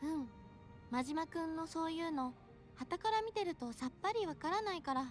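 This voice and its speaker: Game character: high-voiced, fast-talking young hostess, light and curious. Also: female voice, faint music behind. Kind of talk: Japanese game voice acting.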